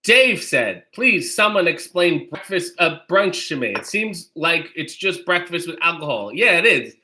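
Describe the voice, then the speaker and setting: Male stream host with a cold: high and very bright, reads chat, then rants in profane mock outrage. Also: very animated, unhurried. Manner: mock-indignant ranting, profane. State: has a cold. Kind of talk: reading viewer comments on a live stream.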